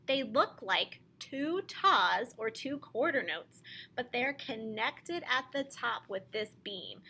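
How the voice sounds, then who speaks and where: A woman teaching a recorded music lesson to young children, explaining slowly and clearly and chanting rhythm syllables for them to copy. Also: a little high, bright, forceful tone, a little hiss or hum.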